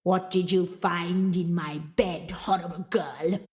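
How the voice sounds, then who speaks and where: Brief: menacing old ogress, slow and growling, in a storybook reading, voiced by a woman. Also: on the low side, steady tone, darkish tone, soft background music. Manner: slow, drawn-out, growling threats. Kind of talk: storybook character voice.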